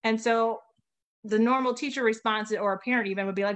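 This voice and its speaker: Woman guest, former teacher, animated storyteller, bright high voice. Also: fast. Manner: lively storyteller, laughs a lot, acts out quotes. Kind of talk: casual conversation.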